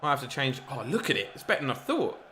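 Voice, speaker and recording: A man giving chatty, excitable play-by-play commentary over a football video game. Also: mid-range voice, fast, slight background noise. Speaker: gaming YouTuber.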